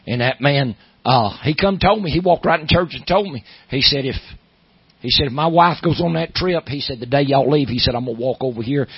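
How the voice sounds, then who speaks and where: Gravelly Southern preacher, rising to a roar. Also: male voice, a little fast, dry recording, dull audio. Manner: builds from low storytelling to loud preaching. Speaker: pastor. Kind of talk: sermon.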